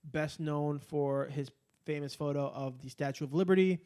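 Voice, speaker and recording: A man's voice: on the high side, normal speed, clear, resonant tone. A man co-hosting a podcast in casual chat, swearing freely and rambling with fillers. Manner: profane, rambling, animated ranting. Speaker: podcast co-host.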